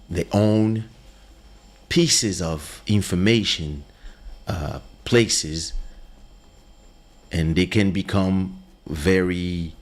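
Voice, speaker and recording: A man hosting a podcast, telling a story in a casual monologue and acting out the voices of the people in it. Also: deep voice. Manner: animated storytelling, acts out quoted voices. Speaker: podcast host.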